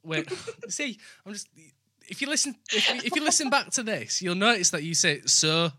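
A young adult podcast host from the West Midlands, with an accent mixing West Midlands and Yorkshire, chatting quickly and self-deprecatingly. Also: medium pitch, big pitch swings, sharp tone, husky, no room sound, clean studio sound. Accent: West Midlands mixed with Yorkshire. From West Midlands, England. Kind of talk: casual chat.

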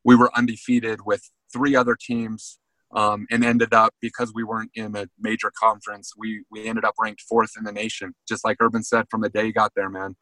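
A man's voice: on the low side, a little fast, no echo, rough recording. A man, a former college football player, telling a story in a casual interview and often saying "man". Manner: animated storyteller, says "man" a lot.

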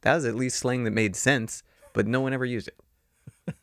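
A man's voice: medium pitch, fairly even intonation, normal speed, no echo, studio quality. A man co-hosting a podcast, chatting casually in a wry, playful way. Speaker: podcast co-host.

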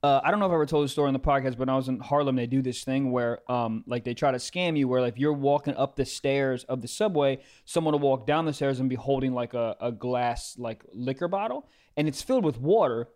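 A man's voice: mid-range voice, fast talker, few pauses, darkish tone. A man from Maryland telling a story on a podcast in a rambling, casual way, full of fillers like "like" and "you know.". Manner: rambling, filler-heavy, acts out voices in anecdotes.

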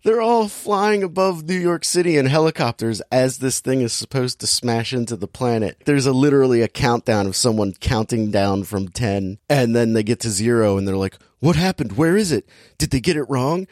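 A man casually recapping a movie plot with sarcasm, briefly acting out the characters' lines in quick impressions. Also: mid-range voice, darkish tone, dry recording, clean studio sound. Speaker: podcast host recapping a movie. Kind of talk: casual chat.

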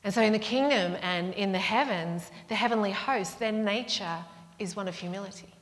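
A woman preaching a sermon, telling stories with animated delivery that drops into whispers. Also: medium pitch, normal speed. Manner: animated storytelling, breaks into whispers and laughs. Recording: long hall reverb.

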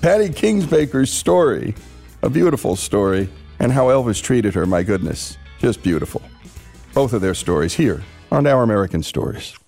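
A man's voice: medium pitch, big pitch swings, normal speed, vocal fry, a little mellow, faint music behind. A man hosting a radio show, presenting in an earnest, scripted way.

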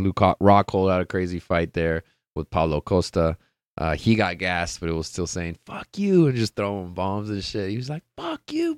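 A man hosting a solo sports podcast, talking casually and excitedly, swearing freely and laughing often. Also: sits low, clean tone, dry recording, clean studio sound. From California. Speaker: podcast host.

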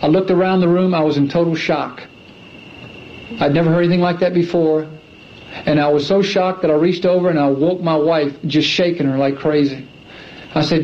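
A man's voice: on the high side, fairly even intonation, normal speed, darkish tone. A man in his thirties giving an earnest personal testimony, a former athlete repeating phrases for emphasis. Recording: dull lo-fi archive recording.

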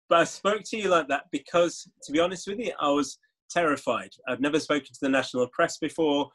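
A man, a guest author telling stories in an interview, animated and laughing often. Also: fairly high pitch, brisk. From Leeds, England. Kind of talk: interview conversation.

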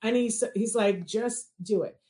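A woman telling a personal story as a parent, animated and acting out the quoted dialogue. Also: fairly high pitch, a little slow.

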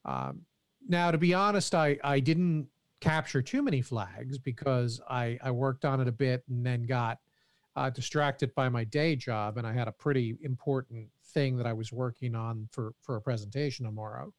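A man's voice: medium pitch, normal speed, no room sound. Guy cohosting a tech chat, jokey, stumbles over words a bit, dry close sound. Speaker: podcast co-host.

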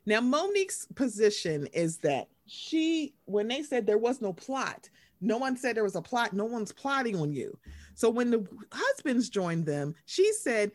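A podcast co-host, a woman, recaps reality TV gossip in casual, animated chat, acting out the quotes. Her mid-range voice moves at a measured pace, with no room sound.

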